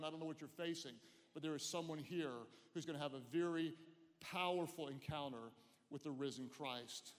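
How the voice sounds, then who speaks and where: An animated male preacher delivers a sermon and draws his listeners into call-and-response. His voice sits high, and a long reverb hangs after his words in a large church hall.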